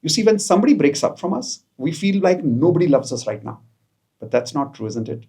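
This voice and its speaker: Husky self-help coach. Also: male voice, on the high side, big pitch swings, brisk, dark tone. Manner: coaxing, repeats each phrase, mixes in Hindi. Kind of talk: guided affirmation session for viewers. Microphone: camera, self-recorded.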